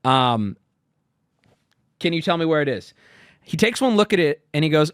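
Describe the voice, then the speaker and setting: A man in his thirties telling a long story in a casual, animated way, swearing and acting out the exasperated dialogue. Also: a little high, normal speed, pauses often, clear, resonant tone, no echo, clean studio sound.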